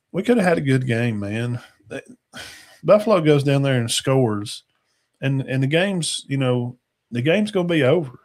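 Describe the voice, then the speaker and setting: A man's voice: mid-range voice, expressive, normal speed, a little mellow. A man, hosting a casual football talk show in a rambling, folksy way that trails off into mumbles. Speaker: sports talk show host.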